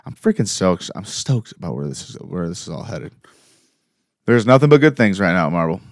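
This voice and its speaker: A young man co-hosting a podcast, chatting casually and excitably about a movie, rambling and laughing often. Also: sits low, brisk, no echo, studio quality. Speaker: podcast co-host. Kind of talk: casual fan chat reviewing a movie.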